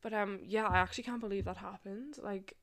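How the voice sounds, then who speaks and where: A woman's voice: medium pitch, brisk. Chatty young woman telling a story. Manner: chatty and animated, swearing, laughing often, many "like"s. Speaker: podcast host. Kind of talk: casual storytelling monologue.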